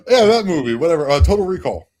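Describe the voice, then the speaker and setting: A man's voice: a little high, big pitch swings, quick pace, darkish tone. Laughing, loose-talking male podcast co-host. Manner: laughs often, cackles, loose profane banter. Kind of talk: casual chat.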